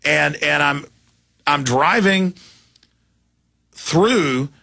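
A man's voice: a little high, expressive, very slow, gravelly, bright, forceful tone. A tired male talk radio host rambling through an indignant personal story in an interview, full of restarts. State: tired after a long broadcast.

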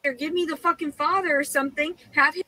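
High-voiced woman ranting, swearing. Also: fairly even intonation, quick pace, bright, forceful tone, low-quality recording. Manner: agitated, swearing constantly, stammering repeats. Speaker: woman filmed in her own posted videos. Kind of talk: heated rant.

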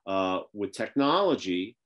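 A male host from the Northeastern United States chats over a video call, loose and folksy, with lots of fillers. His voice sits somewhat low. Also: big pitch swings, measured pace, lo-fi sound. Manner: rambling, filler-heavy, folksy. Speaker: podcast host. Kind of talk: casual video call interview.

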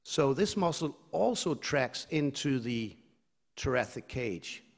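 A man's voice: mid-range voice, expressive, takes it slowly. A middle-aged man giving a conference lecture in a conversational, hesitant way, with frequent restarts, in a large lecture hall. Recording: long reverb of a lecture hall.

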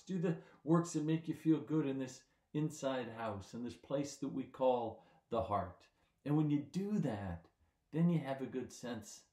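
Man, pastor, children's sermon, gentle simple talk, middle pitch, echoey room. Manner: gentle, simple words for children, often checks with "right?".

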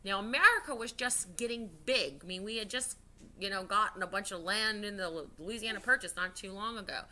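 Chatty bright-voiced woman teacher. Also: mid-range voice, brisk. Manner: chatty, conversational, many fillers and restarts. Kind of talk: online history lesson for children. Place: home.

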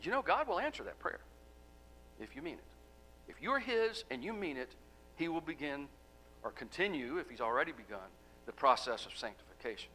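A man preaching a sermon as pastor, asking the congregation rhetorical questions and letting key words fall soft. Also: on the high side, big pitch swings, fairly quick, long pauses, slight background noise, rough recording. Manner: emphatic, rhetorical questions, drops to soft endings.

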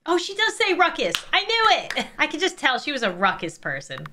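A woman's voice: sits high, very animated, brisk, few pauses, sharp tone, a little hiss or hum. A woman giving playful, amused commentary while playing a game. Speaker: gaming youtuber.

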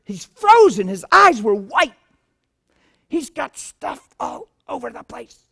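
A man preaching a sermon and telling stories, swinging from low murmurs to loud shouts. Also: very animated, takes it slowly, creaky, breathy edge. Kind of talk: sermon with testimonies.

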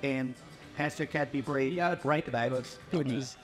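A man's voice: medium pitch, measured pace, faint music behind. Young man from the Philippines, storytelling. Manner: animated, acts out voices in quotes. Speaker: podcast guest. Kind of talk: casual storytelling.

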